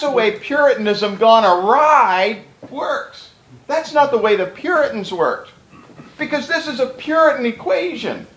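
A man's voice: very high voice, lively intonation, unhurried, fairly bright tone, roomy sound, rough recording. A man preaching a sermon to a room of pastors, emphatic and conversational, with repeated words for stress.

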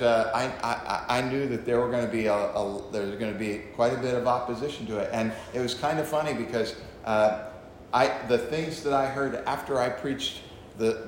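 A man's voice: medium pitch, slight background noise. Chatty pastor man in a very echoey room. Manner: chatty, joking asides to the audience. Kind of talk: conversational Bible teaching.

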